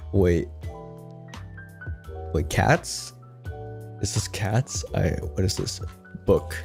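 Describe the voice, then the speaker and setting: A man's voice: on the low side, darkish tone. A man streaming from his piano, reading a storybook and chatting casually with his chat, easily amused. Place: at a piano in a home streaming setup.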